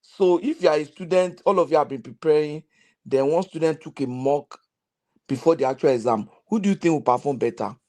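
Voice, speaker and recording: A man on a political panel, explaining his view in a measured way with examples. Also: fairly high pitch, a little mellow.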